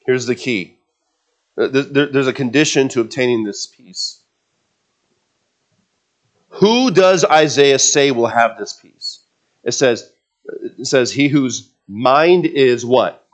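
A man's voice: mid-range voice, slow, long pauses. A man preaching a sermon, building emphasis on repeated words and tossing conversational asides to the congregation. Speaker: pastor.

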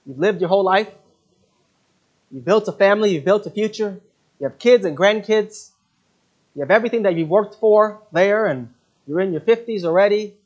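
Earnest preacher guy, kinda high voice, halting with lots of uhs, muffled dull recording. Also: darkish tone. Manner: earnest, halting, with many fillers. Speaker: preacher, mission speaker. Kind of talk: sermon with storytelling.

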